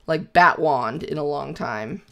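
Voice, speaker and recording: A woman chatting casually while playing a video game with a friend, animated and prone to shrieks when startled. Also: deep voice, unhurried, vocal fry. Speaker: co-host of a gaming let's play. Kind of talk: casual gameplay chat.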